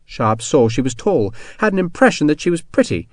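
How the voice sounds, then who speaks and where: A man narrating an adventure novel in a steady, measured storytelling voice. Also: on the high side, no room sound, studio quality. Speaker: audiobook narrator. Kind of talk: scripted narration.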